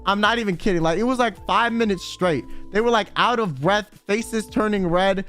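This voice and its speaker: High-voiced young man telling stories on stream. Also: soft background music. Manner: animated, swearing, quick filler-heavy retelling with acted quotes. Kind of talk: casual storytelling on stream.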